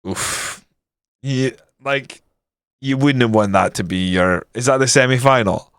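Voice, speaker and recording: A man's voice: mid-range voice, unhurried, fairly bright tone, smooth, no echo, studio quality. A young man streaming a football management game, grumbling and swearing casually as he comments on his matches. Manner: frustrated, grumbling, swears often.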